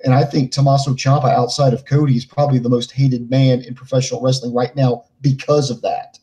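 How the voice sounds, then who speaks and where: A man co-hosting a casual podcast, talking things through in a calm, measured way. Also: mid-range voice, rough recording. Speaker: podcast co-host.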